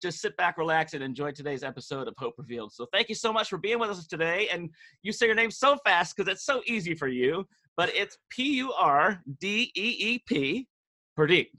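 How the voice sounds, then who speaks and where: A man's voice: a little high, expressive, fast talker, hardly any pauses, bright, forceful tone. A man hosting a podcast interview, upbeat and chatty. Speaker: podcast host. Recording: music playing behind the voice.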